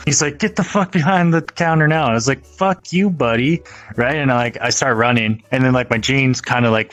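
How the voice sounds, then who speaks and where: A man telling a story in a casual interview, animated, laughing as he goes and swearing freely. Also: medium pitch.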